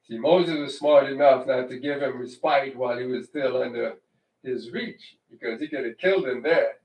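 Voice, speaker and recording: A man's voice: medium pitch, moderate pace, darkish tone. A man giving an informal sermon on the weekly Bible reading, talking conversationally, often checking in with "right?" and restarting his phrases. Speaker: congregation teacher. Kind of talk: informal Torah-portion sermon. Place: congregation hall. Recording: echoey room, distant mic.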